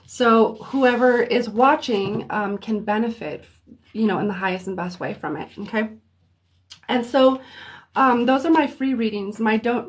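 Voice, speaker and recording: A woman chats easily with her viewers as host of a livestream of readings. Her voice sits somewhat high, and she speaks at a slow, drawn-out pace. She pauses often, filling the gaps with "um," in a friendly, unhurried way. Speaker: host and psychic reader. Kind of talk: casual livestream chat.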